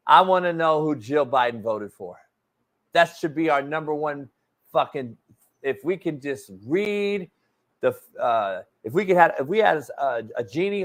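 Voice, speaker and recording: A man hosting a sports talk show, ranting in a brash, mocking way and swearing constantly. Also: a little high. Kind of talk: profane casual rant.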